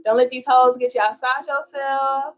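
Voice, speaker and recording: A woman's voice: sits high, fairly even intonation, moderate pace, rough recording. A young woman talking casually on a tarot livestream, chatty and slangy with lots of fillers.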